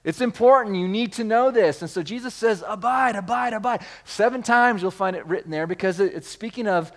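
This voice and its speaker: A man's voice: high-pitched, fairly quick. A man preaching a sermon, reading scripture aloud and then explaining it with repeated words, restarts and rising emphasis, calling on the congregation to join in. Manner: restarts phrases, calls on the congregation. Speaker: pastor.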